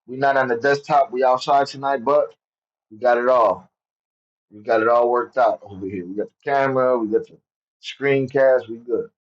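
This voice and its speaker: A man's voice: medium pitch, steady tone, moderate pace. A man co-hosting a livestream, chatting casually and talking to the viewers. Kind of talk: casual chat. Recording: dull lo-fi sound.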